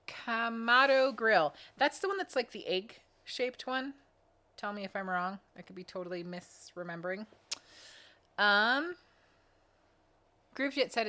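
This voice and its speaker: Yawny woman reading super chats on a livestream, chatty and playful, bursts into sing-song dings. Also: pushed and bright. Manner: chatty, sings playful high dings for donations. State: sleepy, yawning. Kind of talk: casual live-stream chat.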